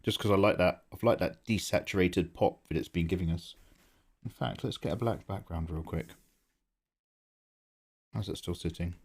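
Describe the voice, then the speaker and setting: A man's voice: low-pitched, moderate pace, creaky, pauses often, a little mellow, slightly rough. A man chatting casually on a live stream while he draws, thinking aloud and greeting viewers by name. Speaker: livestreaming artist.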